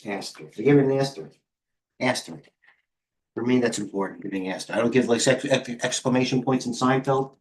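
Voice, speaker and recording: With a medium-pitched, slightly mellow voice and a slightly fast pace, a middle-aged man hosts a live trading stream, short of breath. He rambles along casually, joking, running himself down, and muttering.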